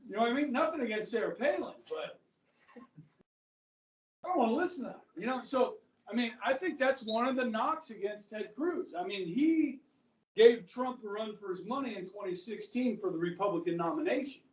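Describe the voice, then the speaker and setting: A man's voice: very high-pitched, animated, moderate pace, a little hiss or hum. A male history teacher giving a chatty, rambling classroom lecture and often checking in with students. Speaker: high school history teacher. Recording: echoey classroom from far off.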